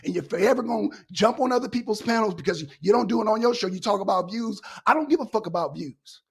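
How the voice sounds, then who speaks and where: A woman co-hosting a live talk stream, ranting with constant swearing, loud bursts that trail off low. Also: expressive, quick pace, creaky, slightly rough. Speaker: co-host. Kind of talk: heated profane rant on a live talk stream.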